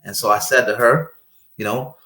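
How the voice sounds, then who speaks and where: A man, a guest, telling a personal story in a lively, chatty way, laughing and repeating phrases. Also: mid-range voice, normal speed, roomy sound. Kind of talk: anecdotal storytelling.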